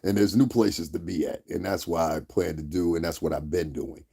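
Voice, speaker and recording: A man's voice: low voice, fairly even intonation, moderate pace, creaky, mellow, husky. A man hosting a livestream, delivering a blunt, heated rant full of profanity and repeated check-ins with his viewers. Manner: blunt, heated, profane, repeats "you understand what I'm saying". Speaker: livestream host.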